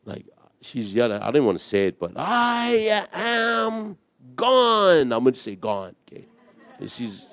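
A man's voice: on the low side, a little mellow, no room sound. A male pastor, preaching a storytelling sermon full of jokey asides and acted-out voices. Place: church.

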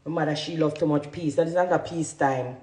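Deep, steady, and a little mellow, this woman's voice moves a little fast through a heated vlog rant to camera. She speaks with a Jamaican Patois accent, fiery and defiant, repeating points for emphasis; the recording is reverberant with a bit of hiss or hum.

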